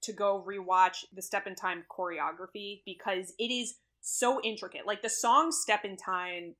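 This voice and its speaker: A woman with a bright, clear-ringing voice hosts a loose podcast conversation. She argues her points with animated conviction and laughs easily. Her delivery stays conversational and unscripted. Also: mid-range voice, moderate pace. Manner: animated, opinionated, laughs often. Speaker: podcast host running a movie bracket. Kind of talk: casual chat.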